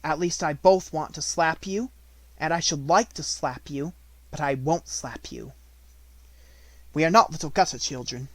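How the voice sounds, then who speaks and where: A man voicing a calm, kind young schoolgirl who speaks steadily. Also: a little high, moderate pace, dry recording, pitched above the performer's own voice, close to an everyday voice. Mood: firm.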